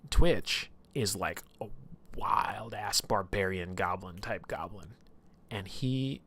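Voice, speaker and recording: A man casually retelling a tabletop campaign on a live stream, rambling and animated, with lots of filler and swearing. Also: deep voice, slow, slightly rough.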